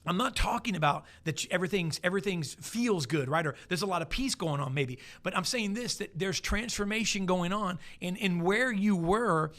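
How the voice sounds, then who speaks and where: A man gives a folksy motivational talk, telling stories and slowly repeating his key lines for emphasis. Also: high voice, animated, a bit bright. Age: 40s. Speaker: motivational speaker.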